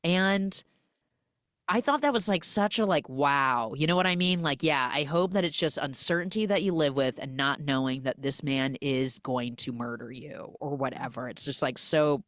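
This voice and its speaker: Low-voiced woman retelling a film. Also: moderate pace, no room sound, clean studio sound. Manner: animated retelling, many "like" fillers. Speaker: podcast host. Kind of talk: casual film recap.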